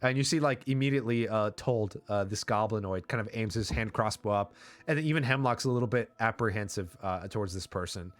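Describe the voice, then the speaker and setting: A man's voice: lowish voice, a little fast. A man running a tabletop game as game master, narrating in a loose, rambling way full of likes and uhs. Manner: rambling, filler-heavy narration.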